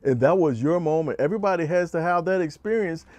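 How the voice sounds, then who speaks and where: A man's voice: a little high, lively intonation, fast. A man, a pastor hosting a conversation, who gives short affirming replies and closes with a blessing. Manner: brief affirming replies and warm sign-off blessing. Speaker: pastor and host. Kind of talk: casual talk show.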